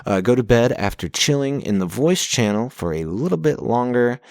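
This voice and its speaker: A man's voice: mid-range voice, big pitch swings, moderate pace, dry recording, studio quality. A young man hosting a podcast from home on a pop-filtered mic, recapping his journal week in a casual, sarcastic, profane way and getting easily exasperated. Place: home recording setup.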